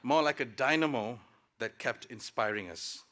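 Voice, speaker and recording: A man's voice: medium pitch, moderate pace, a bit bright. A man from Malaysia giving a reflective, lightly humorous graduation speech to his classmates at a ceremony. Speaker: graduating student speaker. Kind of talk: convocation speech. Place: ceremony hall.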